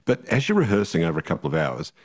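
Deep-voiced lively male host. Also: racing. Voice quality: deep baritone. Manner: lively, enthusiastic. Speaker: radio host. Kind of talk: interview conversation.

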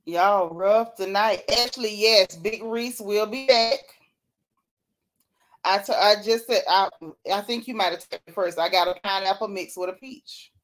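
A woman's voice: mid-range voice, normal speed. A woman hosting a casual chat, reading out comments from viewers and laughing often. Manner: animated, laughing, Southern-style slang. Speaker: host.

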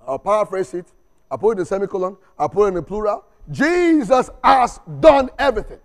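A man's voice: sits high, animated, fairly quick. A man preaching a sermon in church, exhorting with call-and-response, repeated refrains and humorous asides. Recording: long reverb of a church hall.

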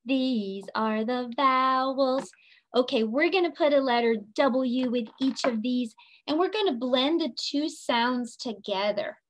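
Slow, patient woman teaching young children. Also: sits high, slight background noise. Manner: slow, patient and sing-song, drawing out letter sounds. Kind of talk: children's phonics lesson.

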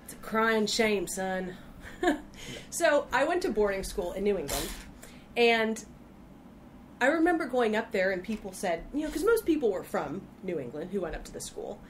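A woman from Texas, USA, a freelance writer, chats casually as a podcast guest, telling playful stories and laughing often. Her medium-pitched voice is sing-song at a normal speed, with a little hiss or hum in the background.

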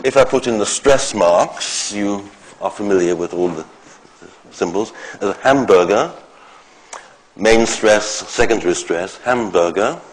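A man giving an academic lecture, explaining step by step in short phrases with pauses. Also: fairly low pitch, low-quality recording.

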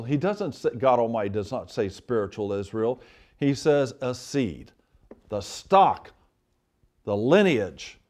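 A man's voice: medium pitch, a little mellow. A man preaching a sermon, reading scripture aloud and stressing key words again and again. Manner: emphatic, repeats and stresses words; reads scripture and quotations aloud.

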